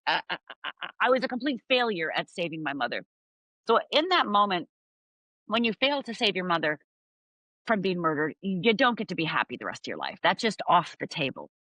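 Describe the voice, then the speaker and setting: A woman's voice: lowish voice, fairly bright tone, no room sound, rough recording. A middle-aged woman from Upper Michigan telling her life story as a guest, acting out voices and moments vividly.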